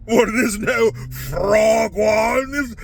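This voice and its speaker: A man's voice: high voice, takes it slowly, creaky, full character voice. A man lampooning a snooty rich politician. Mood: mocking. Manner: mock-posh, exaggerated savoring. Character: snooty wealthy male politician faking common-man talk.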